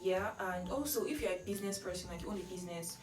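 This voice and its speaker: A young woman with a Nigerian accent tells a casual vlog story in a chatty, animated way, dropping Nigerian slang as she goes. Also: fairly low pitch, fast talker. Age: young adult. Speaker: vlogger. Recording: echoey room, mic at a distance.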